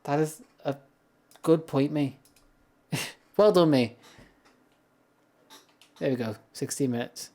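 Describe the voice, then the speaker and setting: Gaming live from home, this British man speaks slowly with long pauses in a warm, fairly high voice. His casual stream chatter is rambling, punctuated by frequent laughs at himself.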